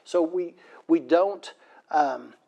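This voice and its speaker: A man with a fairly high voice speaks in a casual interview. He answers in a rambling, anecdotal way and talks about his work in university disability services. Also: slow, gravelly, warm tone, dull audio.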